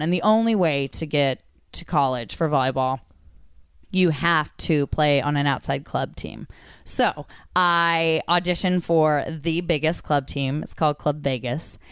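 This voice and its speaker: A young adult woman, a podcast guest, telling a story in casual chat and acting out the other people's voices with big jumps in pitch. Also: smooth, dry recording, studio quality.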